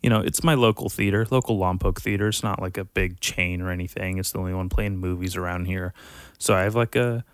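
A man's voice: low voice, steady tone, fairly quick, smooth, no echo, clean studio sound. A young man hosting a podcast, rambling and ranting in a casual monologue, swearing constantly and sounding exasperated. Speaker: podcast host.

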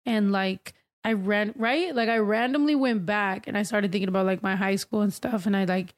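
A woman's voice: mid-range voice, fairly even intonation, moderate pace. A young woman co-hosting a casual chat, rambling and swearing loosely, laughing often. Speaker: podcast co-host.

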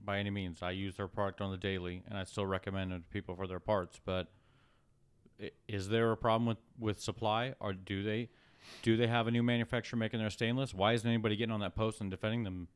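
A man in a casual podcast chat with a low, smooth and clear voice. He talks fast and bluntly, in a plainspoken way. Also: level tone, dry recording. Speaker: shop owner, podcast co-host.

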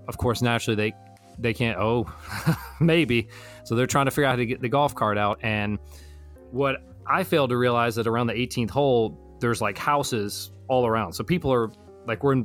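A young man casually telling a long story to friends, rambling and animated as he acts out what his friends said. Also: mid-range voice. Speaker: storyteller in a truth-or-lie game. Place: Florida.

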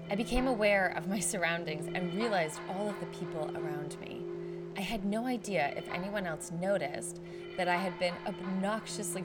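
Reflective woman narrating a travel story. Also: on the low side. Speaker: podcast host.

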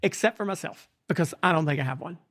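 A man's voice: on the high side, fast, fairly bright tone, dry recording, studio quality. A man in his forties with a North Carolina Southern accent, hosting a casual chat in a chatty, self-deprecating way and laughing often. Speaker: host. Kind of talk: casual conversation.

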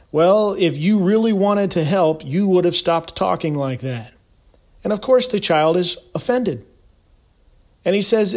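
Emphatic man giving a motivational talk. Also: a little high. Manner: preachy, emphatic, rising to loud insistence. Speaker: podcast host. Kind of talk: motivational monologue.

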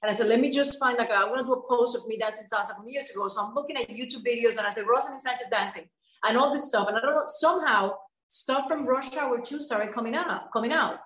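A woman's voice: on the high side, fast. A woman with a Latin American Spanish accent chatting expressively as a guest. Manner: expressive, laughs while talking. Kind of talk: casual chat. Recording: roomy echo.

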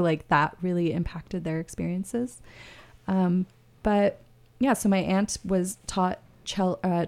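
A woman's voice: on the low side, vocal fry, darkish tone. A woman hosting a radio show, talking in a casual, rambling way with many restarts.

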